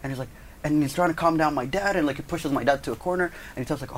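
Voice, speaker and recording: A man's voice: a little high, fast talker, a little hiss or hum. A man cohosting a podcast, telling a story in casual chat, acting out quotes and swearing freely.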